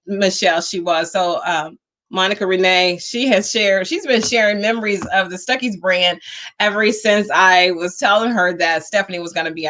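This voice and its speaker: A woman's voice: mid-range voice, fairly bright tone. A woman hosting a talk show, chatting upbeat and motivational to her livestream viewers while she waits for a guest.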